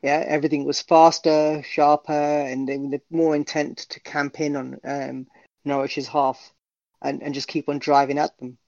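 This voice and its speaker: Animated man in a dull, dry podcast recording. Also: fairly high pitch, moderate pace, gravelly, dry recording. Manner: animated, swearing, jokey. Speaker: podcast co-host. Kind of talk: casual football call-in chat.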